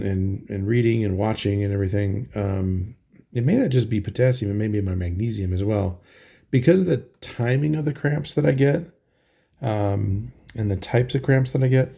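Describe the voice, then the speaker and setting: Gravelly tired man, halting diary talk. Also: fairly low pitch, mellow. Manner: halting, many ums and restarts. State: tired, yawning. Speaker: vlogger. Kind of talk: casual daily video diary.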